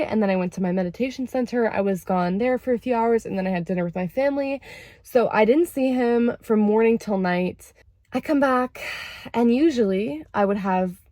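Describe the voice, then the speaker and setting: A young woman chatting casually to camera about therapy, lively and expressive, acting out quoted lines with big jumps in pitch. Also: no echo. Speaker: vlogger sharing therapy insights.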